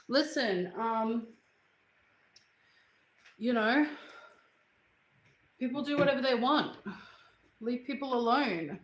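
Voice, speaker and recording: Chatty Australian woman with a high voice. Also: slow, pauses often, reverberant, rough recording. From Queensland, Australia. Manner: chatty, blunt, answers viewer comments. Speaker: livestream host. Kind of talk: casual livestream chat. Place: home, indoors.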